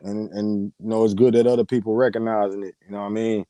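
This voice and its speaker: A man's voice: lowish voice, level tone, fast talker, warm tone, no room sound. A man, co-hosting a sports talk show in casual chat, slangy and laughing often.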